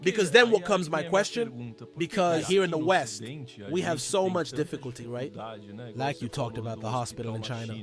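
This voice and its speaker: Man, fairly high voice, lively pitch, conversational, music clearly behind. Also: normal speed.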